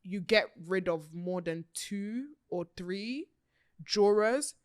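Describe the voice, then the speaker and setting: A woman hosting a podcast, talking in a chatty, animated way, laughing often and swearing freely. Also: mid-range voice, slow, dry recording, clean studio sound. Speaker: podcast host. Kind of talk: casual chat.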